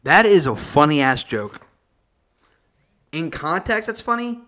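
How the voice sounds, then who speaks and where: A video reviewer ranting about a movie with exasperated, profane comic energy, sometimes jumping into high-pitched outbursts. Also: very animated, slow pace, fairly bright tone. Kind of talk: comedic movie review rant.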